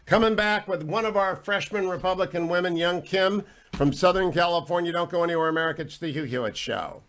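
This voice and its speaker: A man hosts a radio talk show, interviewing his guest with eager enthusiasm. His voice sits a bit high for a man. He chimes in often with compliments. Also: fairly bright tone. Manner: enthusiastic, praising and quick to interject.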